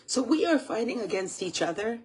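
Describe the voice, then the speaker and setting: Her voice a little high, husky, and darkish, an American woman talks a little fast and very animatedly to camera. The channel host is earnest and close to crying, repeating phrases throughout this emotional monologue.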